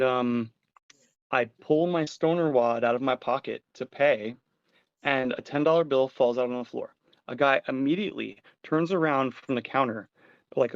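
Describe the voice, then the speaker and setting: A man's voice: mid-range voice, no echo. Man telling stories, dull dry sound. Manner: animated storyteller, swears casually. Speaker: podcast host. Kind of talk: casual chat.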